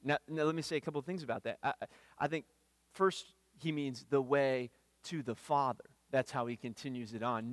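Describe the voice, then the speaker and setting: A man's voice: mid-range voice, normal speed, no room sound. Earnest man preaching, dry close sound. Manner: earnest, repeats words when starting phrases. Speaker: pastor. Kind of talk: sermon. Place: church.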